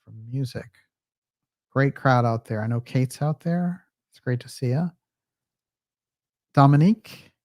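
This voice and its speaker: A man's voice: medium pitch, a little slow, long pauses, a little mellow, no echo. Chatty man with a dry, close sound. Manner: chatty, reads viewer comments aloud with frequent fillers. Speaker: livestream host. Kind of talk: casual livestream sign-off.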